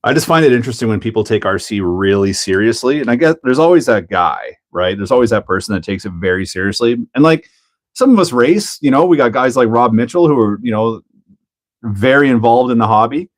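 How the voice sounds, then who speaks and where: A man's voice: medium pitch, lively intonation, fairly quick. A middle-aged man with a Canadian accent hosting a casual livestream, joking, laughing often and chatting while he builds a kit. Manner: laid-back, jokey, laughs often, reads chat aloud. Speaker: livestream host.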